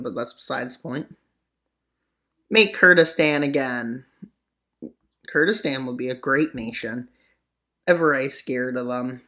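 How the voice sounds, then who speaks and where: Bright sharp voice doing a sarcastic map video, rambly jokes, goes loud then mumbles. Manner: sarcastic, rambling, mock-serious asides; voice jumps up for punchlines, drops low for mutters. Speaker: mapping video narrator. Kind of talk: joking geopolitical commentary over maps.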